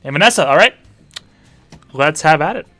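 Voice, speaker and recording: A man's voice: on the high side, animated, normal speed, sharp tone, dry recording, faint music behind. A man, a teacher hosting a party game stream for students, chatting casually with dry offhand asides as he sets up rounds. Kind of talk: casual livestream chat.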